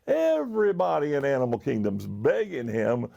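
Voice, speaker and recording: A man's voice: fairly high pitch, very animated, a little slow, gravelly, a little mellow, lo-fi sound. A man reading a picture book aloud to children, pointing out the pictures as he goes. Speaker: storyteller.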